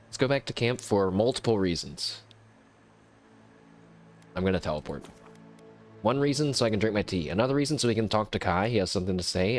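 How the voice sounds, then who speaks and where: Chatty gameplay host, fairly low male voice, rambling, excitable, faint game music. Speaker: let's play host. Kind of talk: casual gameplay commentary.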